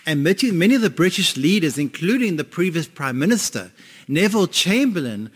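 A man's voice: a little high, very animated, a little fast, slightly rough. A man preaching a sermon to a congregation, conversational and asking them questions. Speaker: pastor. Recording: long hall reverb.

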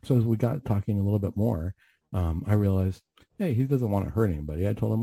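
A man's voice: fairly low pitch, expressive, fast, vocal fry, mellow, dry recording. A man, a clinician, telling a story from his work in a casual, conversational way, often with restarts. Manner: conversational, with restarts, acting out his own past words. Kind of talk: casual storytelling on a faith podcast.

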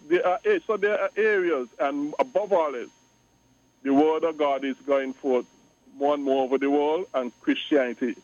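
A man's voice: fairly high pitch, no echo, muffled recording. A man on a call-in radio show, speaking emphatically and repeating his points. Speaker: radio guest. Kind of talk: call-in talk radio discussion.

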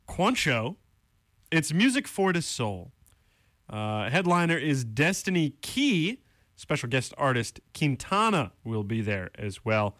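A man's voice: on the high side, fairly bright tone, no echo. A young man working as a college radio DJ, ranting on air in a casual, exasperated way and then introducing songs and announcements from a studio microphone. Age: young adult.

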